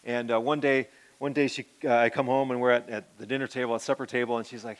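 A middle-aged man, a pastor, giving an earnest personal testimony that rambles with restarts and often sinks to a soft murmur. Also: mid-range voice, flat delivery, fast talker.

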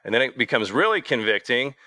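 A man preaching a sermon in an earnest, halting way, often repeating words as he restarts his sentences. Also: medium pitch, very animated, sharp tone, dry recording.

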